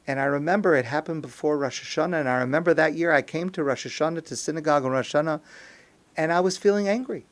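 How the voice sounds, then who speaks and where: A man speaking as a rabbi in a recorded talk, earnest, reading Hebrew phrases slowly and translating them, rising to an intense pleading tone at times. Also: on the high side. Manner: earnest, rises to an intense pleading tone when quoting prayer.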